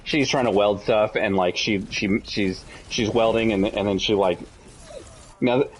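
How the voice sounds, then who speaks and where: A man co-hosting a casual podcast, excitedly retelling game lore with many restarts and quick acted-out quotes. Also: fairly low pitch, a little hiss or hum, poor audio. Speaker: podcast co-host.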